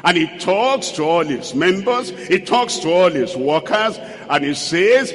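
A man delivers a sermon in a high, widely swinging voice, taking his time over each phrase. His words ring out with a long reverb, as if from a big church hall. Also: lively intonation, a bit bright. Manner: emphatic, slow and sweeping pitch, rhetorical questions. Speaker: preacher.

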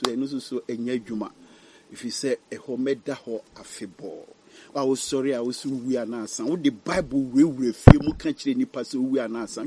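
A man preaching a sermon, his voice swinging between loud dramatic peaks and hushed low passages. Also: slightly rough. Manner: switching between English and Twi, dramatic rises and drops.

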